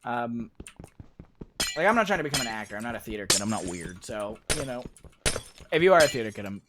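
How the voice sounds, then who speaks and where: A young man talks loosely through a gaming stream, drifting from one random tangent to the next. His tone is casual and self-mocking, at a middling pitch. Loud game sounds run underneath his voice. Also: very animated, brisk. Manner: rambling, tangent-prone, self-deprecating. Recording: loud game noise behind voice.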